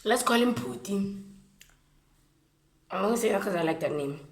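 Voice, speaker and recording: A woman with a Botswana accent, telling a story in a lively, slangy, casual way while eating on camera. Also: medium pitch, normal speed, roomy sound. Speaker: vlogger.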